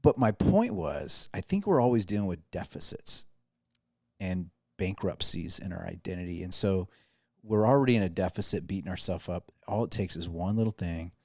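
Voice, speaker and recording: A man's voice: low voice, animated, moderate pace, no echo, studio quality. A man, a pastor and podcast host, telling a self-deprecating story in casual chat with lots of restarts.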